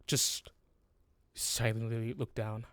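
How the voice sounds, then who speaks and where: A man running a tabletop game as game master, narrating in a halting, hesitant way. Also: medium pitch, little pitch movement, a bit bright, no echo.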